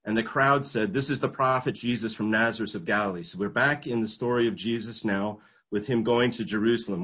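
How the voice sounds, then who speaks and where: A man's voice: on the low side, a little fast, husky, lo-fi sound. A man preaching a sermon, earnest, often restarting and repeating words as he goes. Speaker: pastor.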